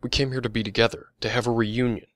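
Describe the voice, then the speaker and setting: A man's voice: mid-range voice, flat delivery, fast, dry recording, voice pushed up, close to an everyday voice. A man voicing a nervous young woman who tries politely to keep a reunion peaceful. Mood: nervous, friendly.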